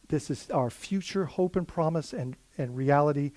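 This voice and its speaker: A man preaches in a fairly high voice, earnest and chatty, often restarting his sentences. The sound is dry and close, with no room echo. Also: normal speed, few pauses, dark tone. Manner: earnest, conversational preaching with many fillers and restarts. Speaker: pastor. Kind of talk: sermon.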